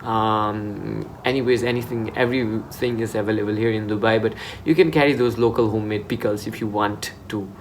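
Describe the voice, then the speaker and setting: A man's voice: lowish voice, steady tone, brisk, hardly any pauses, a little hiss or hum. A young man in Dubai giving casual advice in a vlog, chatty and informal, often restarting his sentences. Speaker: vlogger.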